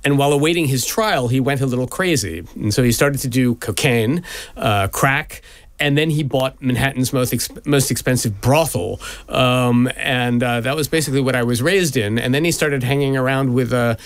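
A man's voice: medium pitch, moderate pace, no room sound. A man in his fifties from the United States, a guest in a radio interview, telling stories candidly with many fillers and restarts. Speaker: guest, lawyer and businessman.

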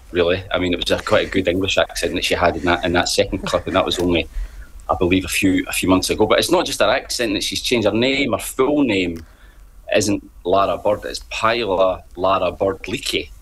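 Deep-voiced man, wry and hesitant. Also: a bit bright, slightly rough. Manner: hesitant, wry, many ums. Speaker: panel guest. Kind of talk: radio panel discussion.

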